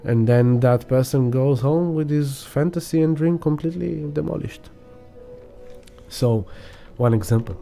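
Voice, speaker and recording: Man, astrology teacher, very dark mellow tone, rambling monologue, faint music behind. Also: a little high, a little slow, gravelly. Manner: rambling, swears casually, acts out examples.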